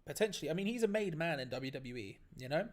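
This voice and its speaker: A man hosting a live stream, giving excitable play-by-play reactions to a match, laughing often and restarting his phrases. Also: on the high side, a little fast. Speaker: watch-along stream host.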